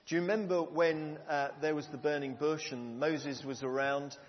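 A man's voice: a little high, steady tone, moderate pace. A man preaching a sermon to a congregation, earnest and conversational, asking the room questions. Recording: long hall reverb, dull lo-fi sound.

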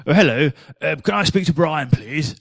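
A man's voice: on the high side, expressive, normal speed, gravelly, breathy edge, pitched below the performer's own voice, exaggerated voice. A man putting on a voice as a fussy male phone caller who frets with exaggerated dismay. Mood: fretting.

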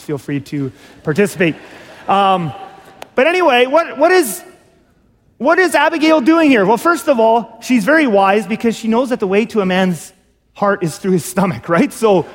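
A male pastor giving a sermon with a high voice. He talks to his congregation casually, asks them questions, and acts out quotes. The voice echoes with the long reverb of a hall.

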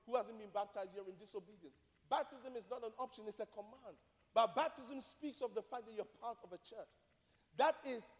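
A man preaching with a high, ringing voice that carries through a large, reverberant hall. He talks emphatically, repeating key phrases and asking the congregation pointed rhetorical questions. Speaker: pastor. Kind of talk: sermon.

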